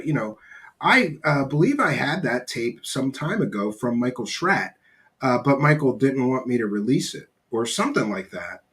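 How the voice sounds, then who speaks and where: Casting: middle-aged male live-stream host, blunt and rambling, swears casually, mid-pitched voice. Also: a bit bright. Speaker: podcast host reading live chat.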